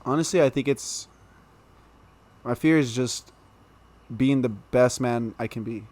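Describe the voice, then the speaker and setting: A young man telling a story as a podcast guest in a casual, animated way, laughing through the funny parts. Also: mid-range voice, measured pace.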